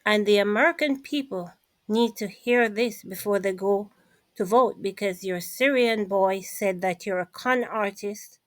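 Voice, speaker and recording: A woman's voice: mid-range voice, a little slow, no room sound, low-quality recording. A woman vlogger giving a casual commentary monologue, emphatic and repetitive, speaking straight to her listeners.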